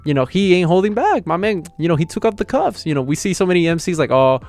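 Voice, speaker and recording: A young man excitedly recapping an anime episode in slangy, casual talk. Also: high voice, fast talker, faint music behind. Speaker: anime reviewer.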